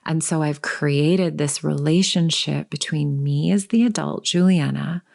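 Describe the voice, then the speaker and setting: Low, gravelly-voiced woman podcast host. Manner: gentle, unhurried, drops to soft whispers. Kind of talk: reflective solo podcast talk.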